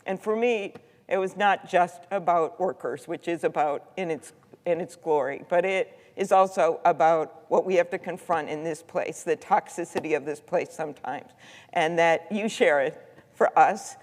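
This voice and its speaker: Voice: medium pitch, normal speed. Heartfelt senator in a reverberant chamber. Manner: heartfelt, storytelling, with filler ums. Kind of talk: floor speech tribute. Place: large legislative chamber. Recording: long reverb of a large chamber.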